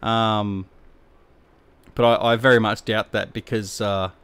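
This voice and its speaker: A man's voice: lowish voice, little pitch movement, slow, a bit bright, smooth, dry recording. A middle-aged Australian man chatting casually on a game live stream, rambling and slangy as he answers his viewers. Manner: laid-back, rambling, slangy.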